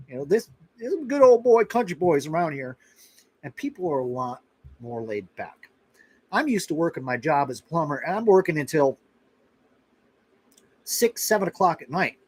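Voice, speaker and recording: A man's voice: sits high, darkish tone, no room sound, low-quality recording. A middle-aged man from Florida hosting a casual live chat, talking in a rambling, conversational way with restarts and asides. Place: rural outpost in western Kentucky.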